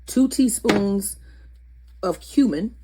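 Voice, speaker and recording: A woman's voice: medium pitch, expressive, takes it slowly, background noise. A woman hosting a casual cooking vlog in her home kitchen, chatty and correcting herself as she goes. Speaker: cooking channel host.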